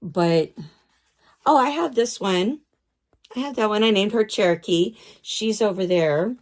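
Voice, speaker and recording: A woman's voice: mid-range voice, animated, measured pace. A woman vlogging in a casual chat about her doll collection, gushing, repeating herself and stumbling over names.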